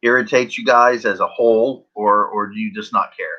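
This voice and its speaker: A man's voice: on the low side, steady tone, a little fast, bright, forceful tone. A man hosting a casual live stream chat, blunt and rambling, with frequent chuckles. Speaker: livestream host. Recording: dull lo-fi stream audio.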